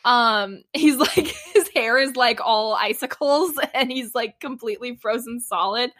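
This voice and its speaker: A woman's voice: a little high, a little slow, a bit bright. A woman co-hosting a podcast, recapping a TV episode in casual chat and laughing often. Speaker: podcast co-host.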